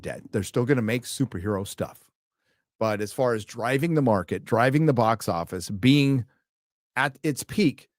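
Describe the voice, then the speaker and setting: A man from the United States hosts a casual live stream, reading donor messages with wry, joking asides. His voice sits at a middle pitch and comes through a close desk mic with a dry, dead sound. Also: no echo. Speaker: livestream host reading donations.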